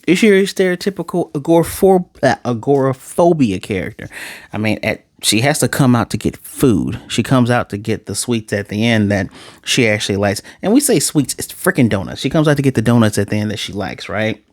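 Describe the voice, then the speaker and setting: A man casually reviewing an anime episode in a sarcastic, animated way, his voice jumping high for emphasis. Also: a little fast, no echo, studio quality.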